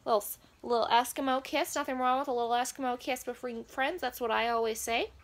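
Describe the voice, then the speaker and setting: A woman doing a flustered, creaky old grandma. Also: sits high, fairly even intonation, fast talker. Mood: relieved. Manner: prudish, flustered, rambling with quaint asides. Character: prim, nosy elderly grandmother reacting to a pop act. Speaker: comedic reaction host. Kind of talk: comedic character reaction video.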